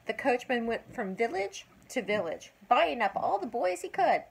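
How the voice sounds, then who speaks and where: An older woman, a grandmother, reading a children's story aloud with expressive, drawn-out emphasis and asides to a child. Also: a little high, creaky, a little hiss or hum, low-quality recording.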